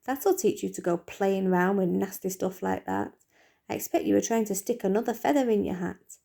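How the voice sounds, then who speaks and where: A woman voicing a sharp-tongued middle-aged mother who talks in a bossy, dismissive way. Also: medium pitch, normal speed, vocal fry. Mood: scolding.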